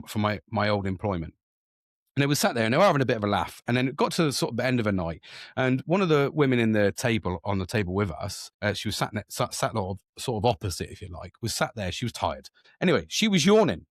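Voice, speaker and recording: A middle-aged man talking casually on his podcast, swearing freely and jumping into loud acted-out quotes as he tells his stories. His voice sits at an ordinary middle pitch, and the recording is dry and close, with no room sound. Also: no room sound. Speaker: podcast host. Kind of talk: casual candid monologue.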